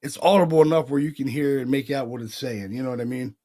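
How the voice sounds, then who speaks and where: A man's voice: medium pitch, fast, warm tone. A man from Pennsylvania co-hosting a paranormal podcast, telling stories loosely, acting out the voices he heard and swearing casually. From Pennsylvania, USA. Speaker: podcast co-host, paranormal investigator. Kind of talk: casual chat.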